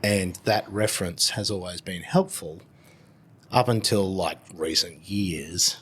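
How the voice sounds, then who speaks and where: A man, hosting a podcast in casual conversation, animated and swearing freely. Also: deep voice, a little slow, breathy edge. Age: 50s. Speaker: podcast host.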